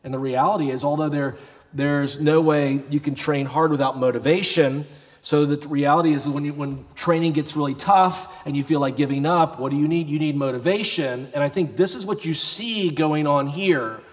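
A man's voice: fairly high pitch, normal speed. Man preaching in a reverberant hall. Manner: animated storytelling, rising to shouts. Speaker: pastor. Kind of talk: sermon.

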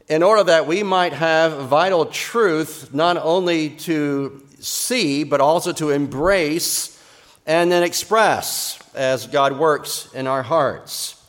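A man delivering a Sunday sermon, earnest and measured. His voice sits a little on the high side, and he leans on repeated phrases to drive his points home. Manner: soft, slow closing prayer. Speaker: pastor.

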